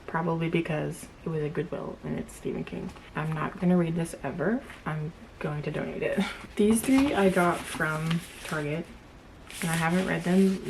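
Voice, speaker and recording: A woman's voice: lowish voice, creaky, darkish tone, a little hiss or hum. A young woman vlogger chatting casually to camera, blunt and opinionated, laughing often.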